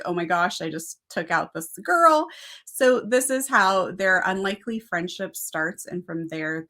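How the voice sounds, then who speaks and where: A woman's voice: medium pitch, bright, forceful tone. A woman co-hosting a casual book review chat, gushing and earnest.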